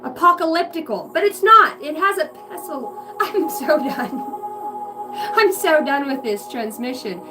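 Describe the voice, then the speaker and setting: High-pitched woman rambling through a psychic reading, swears a lot, sounds far off the mic w/ music playing. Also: expressive, unhurried. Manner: profane, giggly, free-associating. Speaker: psychic reader on a livestream. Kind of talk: rambling channeled reading to viewers.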